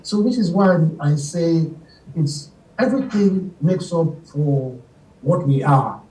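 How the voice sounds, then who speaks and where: Middle-aged Nigerian musician guest, animated storyteller, mellow voice, picked up from a distance in a roomy space. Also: male voice, a little high, slow. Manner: animated, acts out quoted voices, laughs often. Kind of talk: casual storytelling interview.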